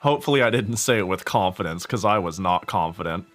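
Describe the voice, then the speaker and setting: A young man chatting casually while streaming a game, rambling and animated, laughing often and swearing freely. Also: deep voice, quick pace. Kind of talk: casual gaming stream chat.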